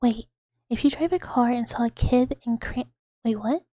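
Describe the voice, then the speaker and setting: A woman in her thirties hosting a whispered ASMR livestream, breathy and giggly, rambling as she greets chat on a close mic. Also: a little high, moderate pace, dark tone, no room sound. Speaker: ASMR streamer.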